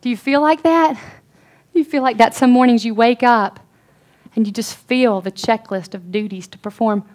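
A woman's voice: on the high side, normal speed, darkish tone. A woman giving an earnest, conversational sermon to a Bible study group, chatting through restarts and fillers. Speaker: women's Bible study speaker.

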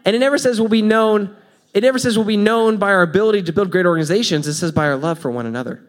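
A man's voice: high-pitched, racing. A man preaching a sermon in a loose, conversational way, joking and laughing at his own examples. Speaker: pastor.

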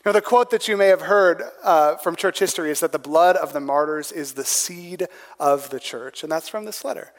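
A man's voice: fairly high pitch, moderate pace, in a large hall. A man preaching a sermon in a conversational way, often asking "right?" to a room with people present. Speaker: pastor.

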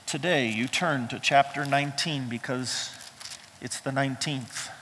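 Bright-voiced preaching pastor, man. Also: medium pitch, unhurried, a little hiss or hum. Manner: emphatic, conversational preaching with humor. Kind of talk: sermon. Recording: reverberant hall sound.

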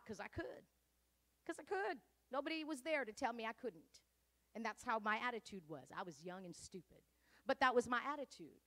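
A woman's voice: high-pitched, fairly bright tone. A middle-aged woman preaching a conversational sermon, calling out amens and hallelujahs as she shares her testimony.

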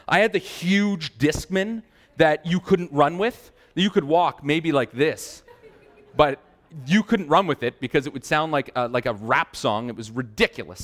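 A man's voice: fairly high pitch, animated, fairly quick, fairly bright tone. Chatty man preaching a sermon. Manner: chatty, self-deprecating, rising in intensity. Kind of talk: sermon with personal anecdote.

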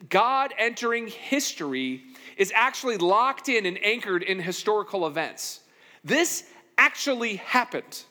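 A male pastor delivers a sermon with a high voice that swings widely as he tells the story. He acts out the characters' lines with energy. His voice carries a long echo through a large hall. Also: bright, forceful tone.

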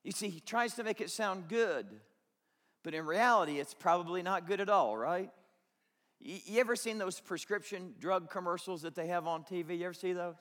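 A man's voice: high voice, moderate pace, fairly bright tone, long reverb tail. A man preaching a sermon as pastor, conversational and joking, acting out quotes to the congregation.

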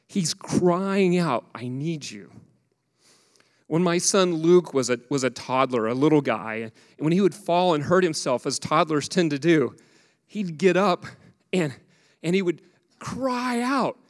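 Man, pastor, sermon, animated and conversational, slightly high voice, long church reverb. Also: a little slow. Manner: conversational, animated, asks the congregation questions. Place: church sanctuary.

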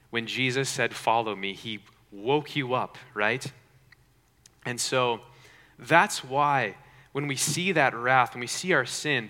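A pastor preaching with earnest conviction, asking his listeners questions and dropping into quiet pauses for effect. His voice is bright and forceful, and it carries a long reverb through a church hall. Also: mid-range voice. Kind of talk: sermon.

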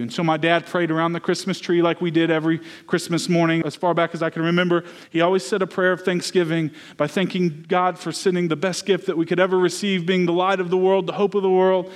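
A young man preaches a sermon in an earnest, personal way, weaving his own story into the message. His voice sits notably high for a man. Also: flat delivery, fairly quick. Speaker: pastor.

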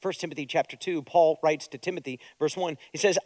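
A middle-aged man preaching a sermon as a pastor, moving between quiet, hushed prayer and loud, urgent exhortation. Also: on the high side, fast talker, few pauses, no echo. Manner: preaching with strong swings between soft prayer and loud urging.

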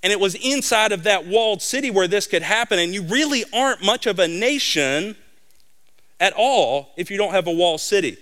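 Middle-aged male pastor, high bright voice, animated storyteller. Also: normal speed. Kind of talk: sermon.

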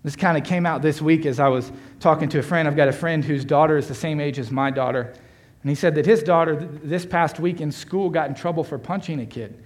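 A man's voice: on the high side, a little fast. A middle-aged man, a pastor, giving a sermon in a conversational, self-deprecating way with playful asides.

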